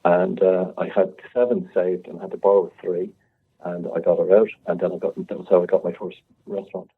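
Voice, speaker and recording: An Irish man in his fifties, a restaurateur, telling an animated story and acting out both sides of the dialogue. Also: sits low, brisk, husky. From Ireland. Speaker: restaurateur guest. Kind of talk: storytelling anecdote. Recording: tinny phone-line sound.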